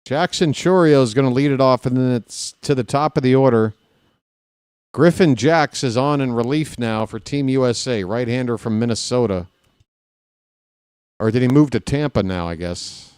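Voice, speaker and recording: A man's voice: medium pitch, moderate pace, darkish tone, clear, resonant tone, no room sound, clean studio sound. A man calling baseball play-by-play for his stream, with casual, self-deprecating asides to viewers.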